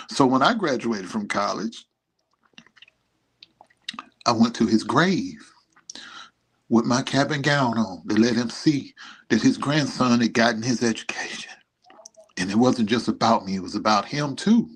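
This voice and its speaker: Middle-aged man, husky and low-pitched, tender and emotional, a bit rambling. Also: expressive, normal speed, pauses often. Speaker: vlogger. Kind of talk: heartfelt message to his son. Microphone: streaming setup.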